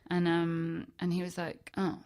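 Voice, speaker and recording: A low-pitched woman with a London accent chats through a long anecdote in a loose, friendly way. She slips into quick impressions of other people as she goes. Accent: London English. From England. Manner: chatty, lively quoting of others. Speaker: guest actor. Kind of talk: casual interview storytelling.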